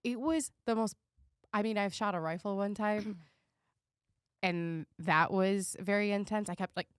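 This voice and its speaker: A woman's voice: mid-range voice, a little slow, smooth, no echo, studio quality. A young woman co-hosting a podcast in casual chat, telling stories with lots of swearing and laughter. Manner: animated, swearing, laughing storyteller. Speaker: podcast co-host.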